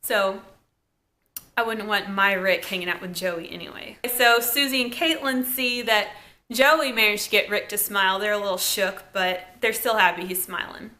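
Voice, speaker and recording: A young woman with a Southern US accent, casually recapping a TV episode in a chatty, relaxed way. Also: mid-range voice, normal speed. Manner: chatty, relaxed, lots of "like" and "kinda". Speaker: TV episode reviewer.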